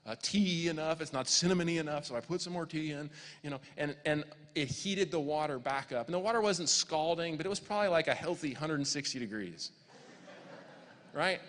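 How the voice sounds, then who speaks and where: Pastor in his forties, higher voice, hall reverb. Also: expressive, fairly quick, fairly bright tone. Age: 40s. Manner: storytelling with quoted voices, building to fervent preaching. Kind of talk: sermon.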